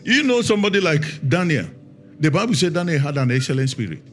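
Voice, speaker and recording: A man's voice: on the high side, very animated, faint music behind. A middle-aged man, a pastor preaching a sermon and telling stories, stressing words and drawing them out. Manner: storytelling, emphatic with drawn-out words.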